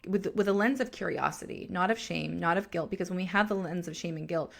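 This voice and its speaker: Gravelly, blunt-talking woman podcast host. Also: lowish voice, quick pace. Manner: blunt, profane, laughing, coaching tone. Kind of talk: casual podcast chat.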